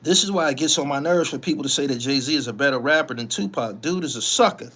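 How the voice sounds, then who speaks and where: A man's voice: mid-range voice, fast, a bit bright. A middle-aged man hosting a casual live stream, ranting bluntly and profanely with lots of energy.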